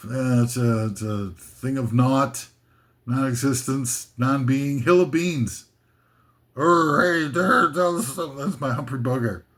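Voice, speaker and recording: A man's voice: medium pitch, takes it slowly. A man hosting a comic list video, rambling and self-mocking as he drifts off topic.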